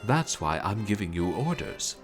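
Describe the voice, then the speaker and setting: A haughty, bossy rich pigeon, read aloud by a man from a dating game, handing out curt orders at an unhurried pace. The voice is low and swings with emphasis. Game music plays underneath. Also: sing-song. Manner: curt, commanding, slow orders. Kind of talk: reading a dating sim aloud.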